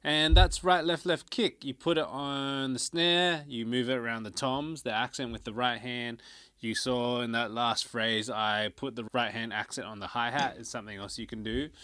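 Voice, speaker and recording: A man explains drum patterns in a relaxed way and counts the stickings aloud. His voice sits in an ordinary middle range. The sound is dry, with almost no room around it. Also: mid-range voice, normal speed, no room sound. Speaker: drum teacher. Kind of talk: instructional demonstration. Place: drum studio.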